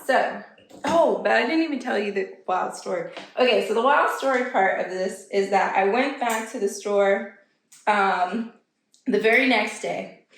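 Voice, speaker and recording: A woman vlogger telling a story in a chatty, animated way and acting out the people she quotes in a much higher voice. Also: unhurried, creaky, slight background noise. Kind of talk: casual storytelling vlog. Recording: echoey room.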